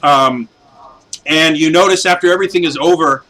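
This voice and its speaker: A man's voice: on the high side, moderate pace, sharp tone, low-quality recording. A man narrating as game master, rambling with many fillers and restarts as he describes the scene.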